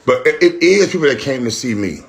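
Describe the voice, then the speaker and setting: A middle-aged man on a phone livestream, rambling and heated, full of slang and swearing, who jumps into a higher voice when he mocks what others said. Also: lively intonation, a little fast, creaky. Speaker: rapper responding on a livestream. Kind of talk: casual livestream rant.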